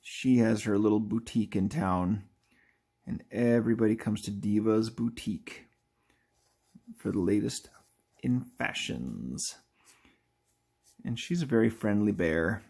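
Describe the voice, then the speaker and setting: A man's voice: on the low side, measured pace, vocal fry, pauses often, a little mellow, breathy edge. A man hosting a live drawing video, chatting casually in a rambling, playful way that keeps correcting itself. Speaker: artist and video host.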